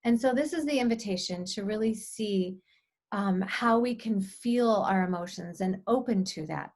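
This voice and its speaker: A woman co-hosting a casual spiritual workshop on a video call, speaking in a gentle, inviting way with some fillers. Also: mid-range voice, normal speed. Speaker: workshop co-host.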